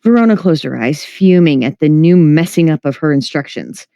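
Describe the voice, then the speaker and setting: A reader narrating a short fiction story in a steady, even way. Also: mid-range voice, normal speed, creaky, dry recording. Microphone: home mic, livestream.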